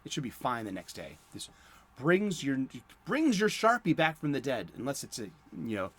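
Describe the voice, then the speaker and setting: A man's voice: mid-range voice, huge pitch swings, moderate pace, fairly bright tone, slightly rough. A middle-aged man, hosting a comics talk show in a casual, rambling monologue full of fillers and chuckles. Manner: chatty, chuckling, lots of fillers and restarts. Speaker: comics podcast host.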